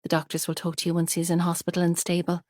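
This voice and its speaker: A woman voicing a calm female paramedic who speaks softly and reassuringly. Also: fairly low pitch, fast, dry recording, studio quality, natural voice. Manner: soft, calm, professional.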